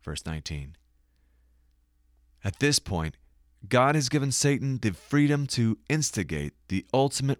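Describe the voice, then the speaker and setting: Lively, dry-voiced man reading scripture. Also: mid-range voice, unhurried, no room sound. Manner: dramatic scripture reading with quieter verse citations. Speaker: Bible teacher. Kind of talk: scripted narration.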